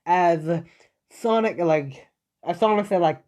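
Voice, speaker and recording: A man's voice: fairly high pitch, normal speed, darkish tone. Young man rambling through a fan story. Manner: rambling, filler-heavy, self-correcting. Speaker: fan-fiction narrator. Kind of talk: improvised fan story narration.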